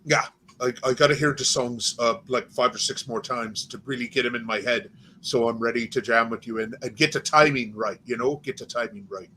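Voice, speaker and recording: A man's voice: mid-range voice, brisk, pushed and bright, a little hiss or hum, low-quality recording. A tired man talking as a guest on a casual livestream chat, laid-back and swearing casually.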